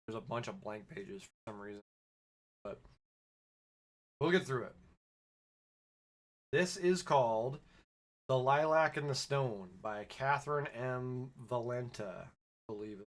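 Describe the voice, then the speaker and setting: A man's voice: mid-range voice, animated, slow, long pauses. A man hosting a podcast, chatting casually with a live audience and then reading a short story aloud in his own plain voice, his throat slightly scratchy.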